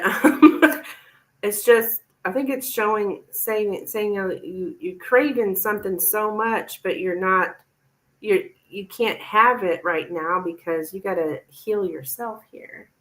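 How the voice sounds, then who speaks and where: A woman's voice: medium pitch, lively intonation, takes it slowly, a bit bright, low-quality recording. A woman tarot reader giving a chatty, reassuring live-stream reading to a viewer.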